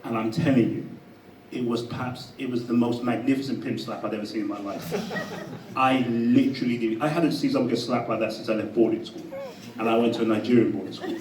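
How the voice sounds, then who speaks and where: Animated man telling a story to a crowd. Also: mid-range voice, a little fast, echoey room, recorded from a distance, background noise. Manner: animated, laughing, conversational. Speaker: speaker at a live talk. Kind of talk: storytelling to a live audience. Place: event room with an audience.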